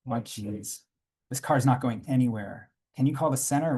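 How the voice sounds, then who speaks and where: Man, mellow husky voice, quiet reflective reading, panel room. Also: mid-range voice, moderate pace. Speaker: comics artist reading his work at a panel. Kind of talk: reading aloud from his own graphic memoir.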